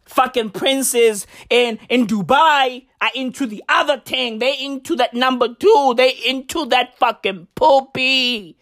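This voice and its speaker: Slow talking woman doing a brash slangy comedy rant, voice jumping high and low. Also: a bit bright. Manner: brash, swaggering slang-heavy rant with wild pitch swings.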